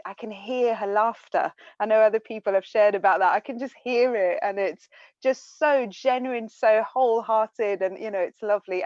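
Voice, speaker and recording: A woman's voice: a little high, a little mellow, no echo. A woman from France sharing a heartfelt memory on a video call, hesitant with many fillers and restarts. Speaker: church member sharing a memory. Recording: dull lo-fi video call audio.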